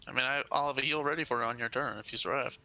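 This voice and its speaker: Male player, rough gravel, edgy tone, foul-mouthed reactions. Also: mid-range voice, very fast, pushed and bright, poor audio. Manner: swears often, groans at bad rolls. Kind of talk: casual tabletop play.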